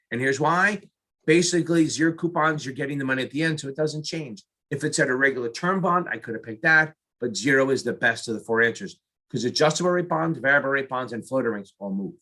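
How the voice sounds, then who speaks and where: A middle-aged man with a bright, forceful tone and a husky edge reads practice exam questions aloud and reasons through each answer on the spot. He jokes at his own expense and chats to himself as he works. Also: mid-range voice, lively intonation, fast. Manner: jokey, self-mocking, talks to himself while solving. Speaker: exam prep tutor.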